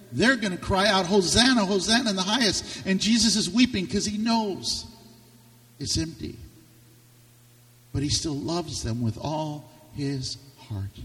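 A man preaching a sermon with passion, his voice swinging from loud to hushed. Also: high voice. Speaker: pastor. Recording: reverberant hall, distant mic.

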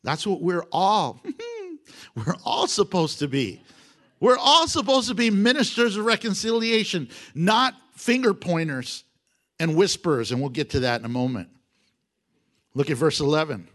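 A middle-aged male pastor delivers a sermon in a high, lively voice that leaps up and down. He preaches with animation, acting out little quotes and breaking into laughs between points. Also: measured pace.

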